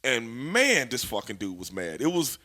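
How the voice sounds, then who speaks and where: A man, a former wrestler, telling stories as an interview guest in an animated, profane way, laughing as he goes. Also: medium pitch, normal speed. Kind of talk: storytelling in a shoot interview.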